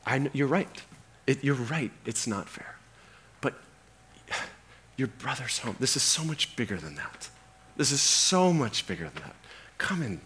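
A man acting out a gentle, patient father who softly reassures and pleads with his son. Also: mid-range voice, lively intonation, measured pace, long pauses. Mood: tender pleading. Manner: soft, hushed, reassuring.

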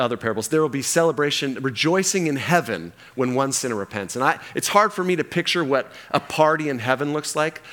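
A man preaching with lively storytelling energy, his voice in an ordinary middle register. He dramatizes each scene and leans into the characters as he goes. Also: mid-range voice. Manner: animated storytelling, acts out the characters. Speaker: pastor. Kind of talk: sermon.

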